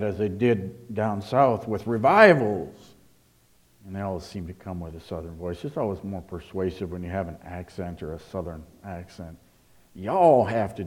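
A man preaching a sermon as pastor, earnest, with quiet asides and forceful stresses. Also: mid-range voice. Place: church service.

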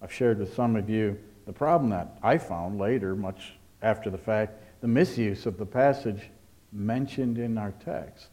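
A man preaching a sermon as pastor, earnest, with quiet asides and forceful stresses. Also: fairly low pitch, unhurried. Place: church service.

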